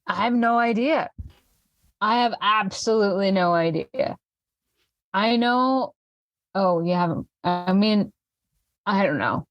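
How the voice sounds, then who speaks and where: A woman's voice: medium pitch, takes it slowly, pauses often, no room sound, lo-fi sound. A laid-back stoner man, as a woman game master puts him on, who rambles along in a mid-range voice, trailing off and circling back on himself. The sound is close and dry, with almost no room around it. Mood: evasive. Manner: rambling, hesitant, full of fillers.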